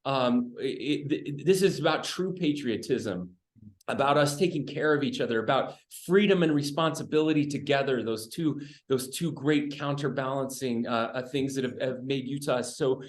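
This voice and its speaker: A middle-aged state governor talks earnestly and hopefully during a virtual event, frequently restarting his sentences. His voice sits in the mid-range at a moderate pace, and the recording has a roomy echo.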